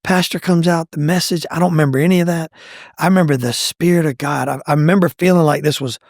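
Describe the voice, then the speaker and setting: Gravelly man telling a story. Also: quick pace, dry recording, studio quality. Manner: animated, acts out quoted lines with pitch jumps. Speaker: guest telling his testimony. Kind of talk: conversational storytelling.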